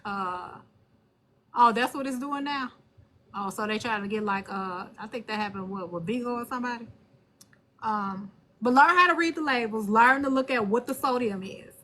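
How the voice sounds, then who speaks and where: A woman hosting a live stream and talking on her phone, blunt and animated, cursing freely. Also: on the high side, moderate pace. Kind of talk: casual live stream chat.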